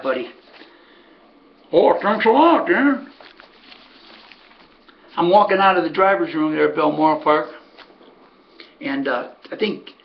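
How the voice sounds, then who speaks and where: Man, podcast host, casual storytelling, lively pitch, does the other voices, dull lo-fi audio. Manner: animated, acts out quoted voices. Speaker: podcast host telling racing stories.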